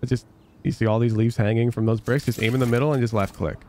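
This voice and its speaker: A man's voice: mid-range voice, fairly even intonation, quick pace, mellow, slight background noise. A man coaching over a gameplay review, blunt and emphatic, casual and sweary, repeating phrases for sarcastic effect. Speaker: game coach.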